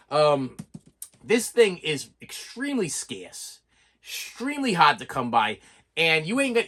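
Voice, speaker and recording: A man's voice: on the high side, pushed and bright. A man in a casual home video showing off a box set, rambling and repeating himself, getting heartfelt about it. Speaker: collector vlogger. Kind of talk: casual collection show-and-tell.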